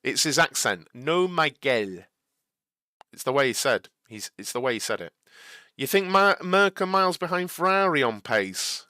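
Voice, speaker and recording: In a dry, clean studio recording, a young man speaks in a slightly high, sing-song voice with a sharp tone. Hosting a live watch-along stream, he answers viewers' chat earnestly yet somewhat exasperated, stumbling through frequent restarts and repeated words.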